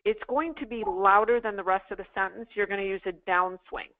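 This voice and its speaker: A woman's voice: medium pitch, fairly even intonation, brisk. A woman teaching a sales class to callers, coaching them in emphatic drills and repeating phrases for practice. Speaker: sales trainer. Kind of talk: interactive online class. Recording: tinny phone-like line.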